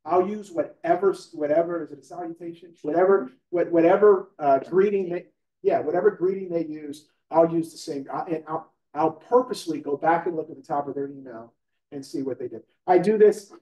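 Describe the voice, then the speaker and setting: High-voiced man teaching a class. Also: fairly quick, warm tone. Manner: conversational, asks the room questions, repeats "right?". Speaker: real estate trainer. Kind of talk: live classroom training talk. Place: training room with a live audience. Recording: echoey room recorded from a distance.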